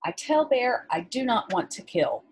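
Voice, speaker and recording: A woman's voice: on the high side, sing-song, voice pushed up. A woman reading as a solemn, terse boy hunter. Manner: clipped broken English, quiet and slow.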